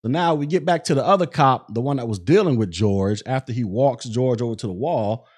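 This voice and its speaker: A man hosts his podcast, walking through events in a loose, conversational way. His voice sits at an ordinary middle pitch, and he leans on fillers and acts out bits of what people said. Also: a little fast, darkish tone, husky. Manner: conversational, recounts events with many fillers and acted-out quotes. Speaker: podcast host. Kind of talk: casual commentary.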